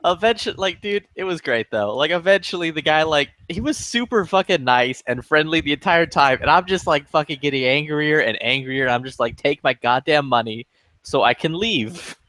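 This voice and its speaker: A man's voice: on the high side, brisk, hardly any pauses, no echo. A man telling a long, profane story in casual chat, acting out the people in it. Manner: profane, animated anecdote with quoted voices. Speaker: lobby chat regular.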